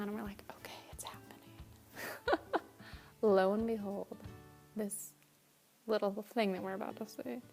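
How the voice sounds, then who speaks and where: A young woman vlogs to camera, telling a rambling travel story in a chatty way, laughing often and quoting people in quick asides. Her voice is on the high side and a little mellow.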